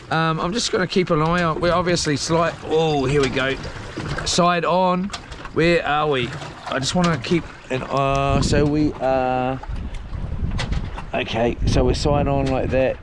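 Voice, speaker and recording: A young man with a New Zealand accent talks on a live stream from a small boat at sea. He reads out viewer comments in a slangy, rambling way, in a high voice that takes its time. A faint hiss sits behind him. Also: fairly bright tone. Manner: laid-back, slangy, rambling with fillers. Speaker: livestreamer.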